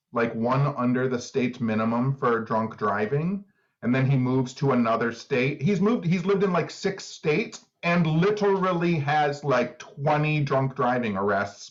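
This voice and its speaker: Laid-back man, dull lo-fi sound. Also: medium pitch. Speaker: podcast co-host. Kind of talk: casual chat.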